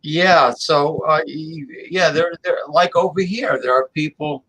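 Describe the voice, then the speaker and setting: A man's voice: a little high, unhurried, fairly bright tone, husky, poor audio. A man co-hosting a casual talk show, rambling with lots of fillers and restarts. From New Jersey. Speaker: co-host. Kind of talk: casual chat.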